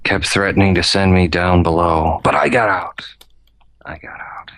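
A man's voice: low voice, flat delivery, normal speed, fairly bright tone, no room sound. A man voicing a rambling drunk who was beaten and held captive, stammering and repeating himself. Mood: rattled, rambling. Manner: stammering, trailing off, repeating words. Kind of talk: tabletop role-play voice.

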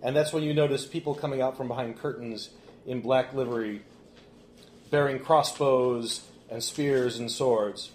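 A man's voice: medium pitch, steady tone, moderate pace, a little mellow. Man, game master, casual narration, fillers, echoey room, faint background hum. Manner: casual, laughing, hesitant fillers.

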